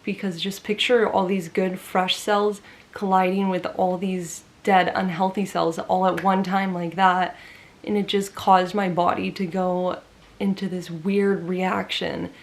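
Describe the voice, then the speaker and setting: A woman's voice: on the low side, level tone, unhurried. A woman vlogger telling a personal story to camera in an earnest, emphatic way, with lots of "like" fillers.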